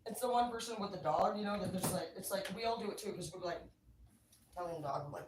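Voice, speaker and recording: A woman's voice: lowish voice, steady tone, fast, darkish tone. A woman livestreaming casual chat, rambling and cursing freely with lots of filler words. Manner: rambling, profane, filler-heavy talk. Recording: echoey room, far from mic, faint noise.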